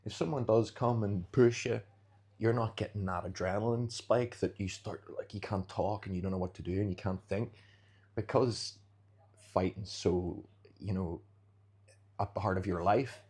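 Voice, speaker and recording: A man's voice: on the low side, moderate pace, darkish tone, slightly rough. A man, a jiu-jitsu fighter, chatting as a podcast guest and animatedly acting out street scenarios. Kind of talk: casual interview chat.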